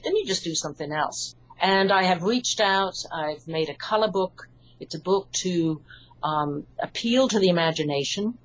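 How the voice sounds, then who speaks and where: A woman with an English accent, an author and hypnotherapist, calmly explaining her ideas in an interview. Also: lowish voice, slightly rough, low-quality recording. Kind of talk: interview answers.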